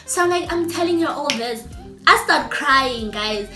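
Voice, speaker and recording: A young woman telling a story to her viewers in a chatty, animated way. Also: sits high, unhurried. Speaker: vlogger. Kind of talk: casual storytime. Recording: echoey room with faint music.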